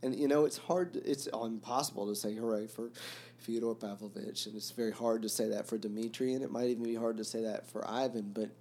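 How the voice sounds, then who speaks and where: A man hosting a podcast about a novel, talking reflectively and haltingly, with many fillers and restarts. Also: on the low side, steady tone, a little mellow. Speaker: podcast host discussing a novel. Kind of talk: reflective casual talk.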